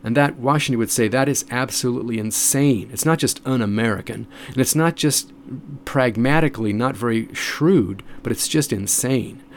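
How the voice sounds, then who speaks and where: A man's voice: medium pitch, a little hiss or hum. A man giving an emphatic, lecture-style commentary, repeating points and restarting phrases.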